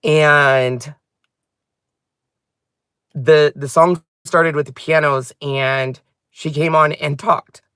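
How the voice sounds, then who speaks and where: A man hosting a crafting channel, telling a personal story in a halting, heartfelt way. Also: a little high, steady tone, pushed and bright, smooth, no echo.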